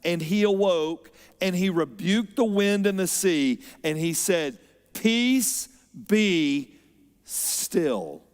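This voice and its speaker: High-voiced pastor preaching in a reverberant hall. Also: male voice, unhurried, hardly any pauses. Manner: expressive, swings between loud emphasis and quiet. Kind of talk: sermon. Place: church auditorium.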